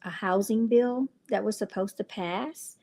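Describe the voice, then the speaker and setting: A woman's voice: medium pitch, a little slow, mellow. A woman hosting her own livestream channel, talking casually to viewers with chatty, exasperated asides. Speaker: channel host and clothing brand founder.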